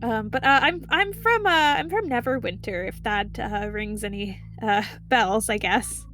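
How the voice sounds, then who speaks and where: A woman's voice: on the high side, a little slow, fairly bright tone, soft background music. A woman playing her character in a tabletop game, hesitant and full of fillers. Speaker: player.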